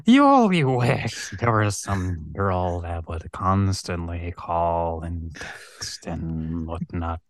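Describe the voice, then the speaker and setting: A menacing Joker villain, put on by a man, drawls his taunts in a very deep voice. He speaks slowly, and his pitch swoops widely. He sounds close and dry. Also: big pitch swings, dry recording, heavily acted. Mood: taunting.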